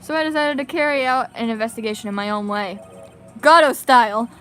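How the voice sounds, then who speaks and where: A cocky, smooth-talking male prosecutor who teases everyone in court, as a woman reads him out. The delivery is smug and drawling, in a bright, fairly high voice. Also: a little fast, faint music behind. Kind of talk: reading game dialogue aloud.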